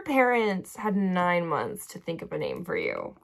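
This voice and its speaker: A woman's voice: lowish voice, wildly swooping pitch, measured pace, gravelly, few pauses. A young woman vlogging casually while doing her makeup at her bedroom vanity, chatty and rambling, full of "like" fillers and drifting into tangents. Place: bedroom vanity lit by a ring light.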